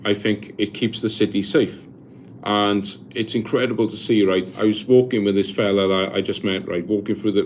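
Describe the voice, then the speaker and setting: A young Welsh man talks loosely on a live stream, his voice sitting a little low, stumbling and restarting as he answers viewer comments. Faint background ambience sits under him. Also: slight background noise. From Wales. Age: 20s. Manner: rambling, chatty, many restarts and fillers; reads viewer comments aloud and answers them. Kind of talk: casual live-stream chat.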